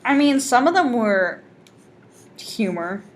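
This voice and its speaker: A young woman from the Midwest co-hosting a podcast, making dry, deadpan jokes in casual chat. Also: on the high side, takes it slowly. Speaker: podcast co-host.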